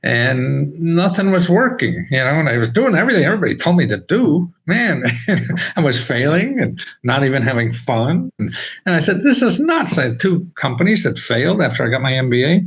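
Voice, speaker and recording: An older man talking as a podcast guest, animated and laughing often, with his voice jumping high when he gets excited. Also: brisk, slightly rough, poor audio. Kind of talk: casual interview talk.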